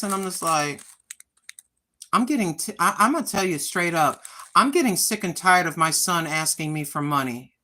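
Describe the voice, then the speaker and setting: A woman's voice: fairly low pitch, lively intonation, moderate pace, pushed and bright. A woman in her sixties hosting a casual livestream, venting bluntly and with frustration, swearing freely as she talks. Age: 60s. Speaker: livestream host.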